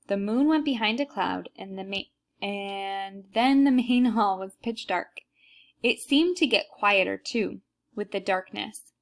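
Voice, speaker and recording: A woman's voice: mid-range voice, measured pace. A woman reading a children's book aloud, narrating plainly and unhurriedly with small slips.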